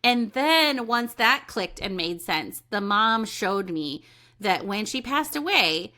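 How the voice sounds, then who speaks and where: Slow-paced yet animated, a woman with a medium-pitched, sharp-toned voice hosts her own podcast. She is an intuitive medium who chats informally about readings and intuition, regularly acting out what others say.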